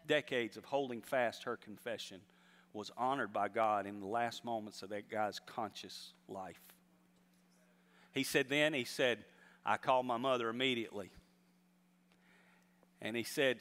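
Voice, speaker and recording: A man's voice: mid-range voice, moderate pace, pauses often, fairly bright tone, long reverb tail. A man preaching a sermon, telling a story and urging his congregation on with rising emphasis. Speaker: pastor.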